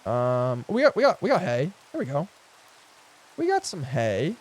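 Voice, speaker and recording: A man streaming a game live, chatting casually and excitably, swearing and laughing often, and cooing at the animals he meets. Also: fairly high pitch, measured pace. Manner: coos affectionately at in-game animals. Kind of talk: casual live gameplay commentary.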